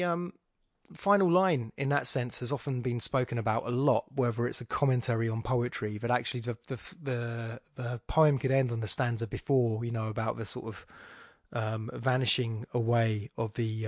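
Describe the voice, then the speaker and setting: A man's voice: mid-range voice, steady tone, normal speed, no room sound, studio quality. A man hosting a podcast, analysing a poem aloud in a musing, discursive way with wry, self-mocking asides. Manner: musing, thinking aloud with frequent restarts. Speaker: podcast host. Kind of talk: spoken poetry analysis.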